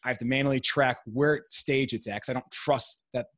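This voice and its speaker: A man who is a podcast guest, a real estate investor and longtime salesperson, explaining in a steady, businesslike way in casual interview talk. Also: medium pitch, a little fast, dry recording.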